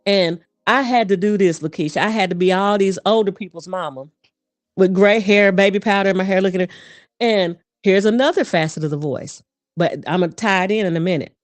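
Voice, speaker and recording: A woman guest, a voice coach and performer, speaking in an animated, fast storytelling manner in a casual interview. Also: medium pitch, no echo.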